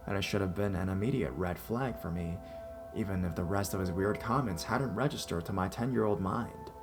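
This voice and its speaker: Gravelly low-voiced male horror narrator. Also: brisk, over music. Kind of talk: scripted horror story narration.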